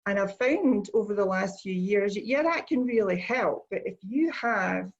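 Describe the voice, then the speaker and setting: A woman with a Scottish accent explains her ideas as a guest, calm and measured, pausing on frequent ums. Her voice comes through a dull, lo-fi call line. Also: medium pitch. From Scotland. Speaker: guest, energy healer. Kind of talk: conversational explanation.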